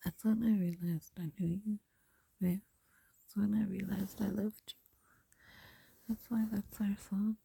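Breathy woman in whispered role-play. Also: medium pitch, level tone, a little slow, long pauses, dry recording. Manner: soft soothing whisper, tender and reassuring. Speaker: comforting girlfriend to the listener.

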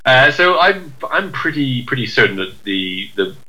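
A man's voice: mid-range voice, very animated, unhurried, sharp tone, low-quality recording. A man from the UK, co-hosting a casual chat, rambling and self-deprecating with many fillers and restarts. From United Kingdom. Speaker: podcast co-host.

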